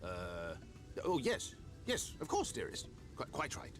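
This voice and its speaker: An actor voicing a flustered, henpecked nobleman in a video game, who stammers and jumps into a higher register whenever he is nervous. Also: huge pitch swings, measured pace, over music. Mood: meek. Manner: stammering, voice jumping high when flustered.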